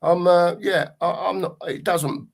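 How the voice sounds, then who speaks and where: A man's voice: high-pitched, fairly even intonation, measured pace, vocal fry. A man co-hosting a casual fan chat show, matey and rambling, full of fillers. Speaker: podcast co-host.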